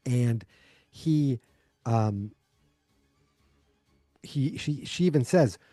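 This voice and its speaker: A man's voice: mid-range voice, animated, extremely slow, mellow, no echo, clean studio sound, soft background music. A man hosting a podcast, casually recapping an episode in a rambling way full of fillers. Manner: rambling, filler-heavy retelling. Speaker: podcast host.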